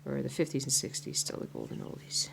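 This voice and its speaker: A woman chatting casually to viewers while she stitches. She sounds tired, talks to herself, and drops into soft muttered asides. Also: a bass voice, wildly swooping pitch, quick pace, vocal fry, a little hiss or hum. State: tired and yawning. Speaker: crafting vlogger.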